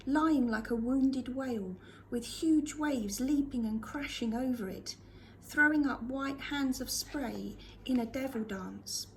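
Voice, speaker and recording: A woman reading a storybook aloud to a school class with expressive delivery. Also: sits high, slight background noise.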